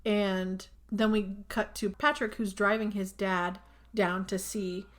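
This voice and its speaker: A woman co-hosts a casual podcast, walking her friend through a film's plot. She talks loosely, full of "like" and "you know", and drops in quick impressions of the characters as she goes. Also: medium pitch, fairly even intonation, a bit bright. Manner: retells scenes with lots of "like", acting out characters' lines. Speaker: podcast co-host. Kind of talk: casual movie recap chat.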